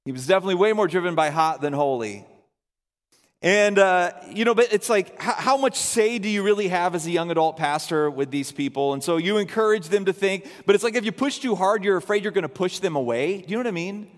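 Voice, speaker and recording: High-voiced pastor in a big reverberant hall. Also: male voice, a little fast, hardly any pauses. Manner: storytelling, acts out voices in quotes. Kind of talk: sermon.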